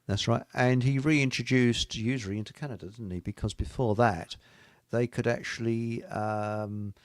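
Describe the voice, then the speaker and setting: A man's voice: mid-range voice, fairly even intonation, normal speed, no echo. A man hosting a casual radio chat, rambling through anecdotes with chuckles. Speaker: host.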